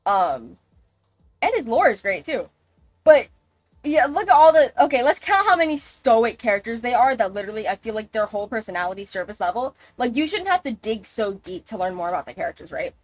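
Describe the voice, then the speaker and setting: A woman's voice: on the high side, sing-song, brisk, no echo. A woman streaming a game live, chatting in a rambling, casual way and swearing freely. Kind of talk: casual gaming livestream chat.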